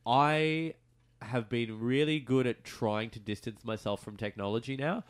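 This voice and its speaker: A man hosting a radio show in a studio, chatting casually with animated, stammering restarts and sudden leaps into a high voice. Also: measured pace, clear, resonant tone.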